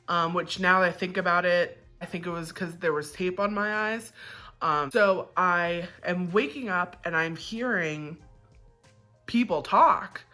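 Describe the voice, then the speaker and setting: A woman's voice: lowish voice, bright, forceful tone. A woman vlogger telling a personal story in a casual, candid, chatty way, with the odd swear word.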